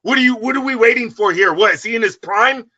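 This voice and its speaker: A man co-hosting a boxing radio talk show, ranting loudly and swearing often in heated sports talk. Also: very high-pitched, quick pace, muffled recording. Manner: loud, profane, ranting.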